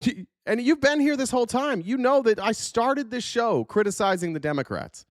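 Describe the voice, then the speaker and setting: A man's voice: very high-pitched, lively intonation, moderate pace, dry recording. Angry male political host who swears freely and talks bluntly, in a dry studio. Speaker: show host. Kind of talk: profane political commentary.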